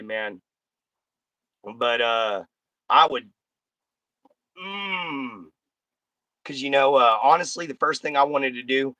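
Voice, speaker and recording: Streamer host, male, blunt and folksy, medium pitch, close dry sound. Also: bright, forceful tone, no echo. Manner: blunt, folksy, talks straight to chat. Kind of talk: casual live-stream chat.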